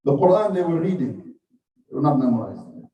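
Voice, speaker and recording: A man preaching a Friday sermon, telling a story with measured, earnest emphasis and then exhorting his listeners. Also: on the high side, big pitch swings, dark tone. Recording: echoey hall, voice from a distance.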